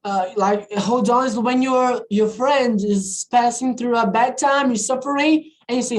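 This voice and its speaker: Teaching an online English class abroad, a woman chats casually and keeps checking in, often saying "all right, guys?" and slipping into Portuguese. Her voice is a little high and unhurried with barely any pauses, on a rough recording.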